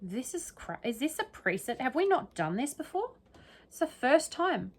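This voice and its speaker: This true crime commentator has a high-pitched, slightly rough voice with big pitch swings and normal speed. Talking casually on her own, she analyzes an interview's language, thinking aloud and checking in often with "right?" and "okay?".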